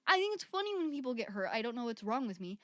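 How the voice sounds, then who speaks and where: A young woman co-hosting a casual podcast, speaking in halting, giggly bursts. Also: on the high side, sing-song, no echo, clean studio sound. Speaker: podcast co-host. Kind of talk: casual chat.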